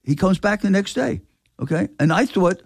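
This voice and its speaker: Older man telling a lively story. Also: sits high, normal speed, gravelly, dry recording, clean studio sound. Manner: animated, acts out quoted dialogue. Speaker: record store owner. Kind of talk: casual storytelling.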